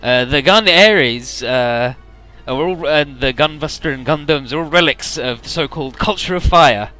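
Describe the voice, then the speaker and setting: A man putting on a higher, louder mock-anime voice for a smug scheming male villain lieutenant in a robot game. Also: moderate pace, faint music behind. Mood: explaining.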